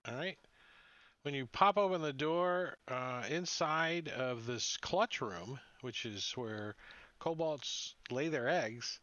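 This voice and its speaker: A man's voice: mid-range voice, takes it slowly, a bit bright, no echo. A man running a tabletop game as dungeon master, rambling and joking as he narrates over voice chat. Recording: dull lo-fi mic.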